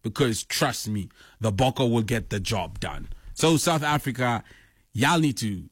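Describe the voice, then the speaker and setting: A man's voice: medium pitch, lively intonation, measured pace, breathy edge, dry recording, clean studio sound. A man from Namibia, chatting casually about football and teasing with mock-exasperated rhetorical questions. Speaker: football fan vlogger. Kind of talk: casual commentary to camera.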